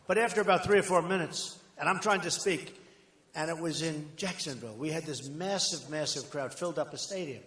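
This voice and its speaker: An older man giving a rambling, boastful campaign rally speech, conversational with sudden loud bursts. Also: on the high side, brisk. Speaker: political candidate at a rally. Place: large outdoor rally crowd. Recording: echoey rally PA with crowd ambience.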